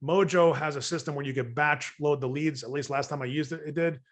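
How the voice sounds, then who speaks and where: A man teaching real estate investors in a webinar, talking at a rapid clip. His voice sits slightly high for a man. He keeps the lesson loose with jokes and asides. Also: fairly even intonation. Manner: fast, joking, acts out sample calls. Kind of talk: webinar training talk.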